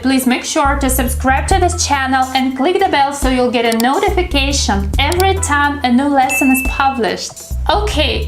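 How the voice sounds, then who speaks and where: A woman teaching an English pronunciation lesson, slowly and carefully modeling sounds and words. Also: high-pitched. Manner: slow, deliberate modeling of sounds. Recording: roomy echo with soft music behind. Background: faint background music.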